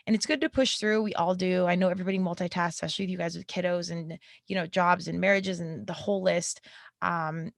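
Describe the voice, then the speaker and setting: A woman's voice: fairly low pitch, gravelly, no room sound, clean studio sound. A young adult woman hosting her own podcast, talking candidly and conversationally, with a laugh slipping in now and then. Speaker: podcast host. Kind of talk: personal podcast monologue. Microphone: podcast mic.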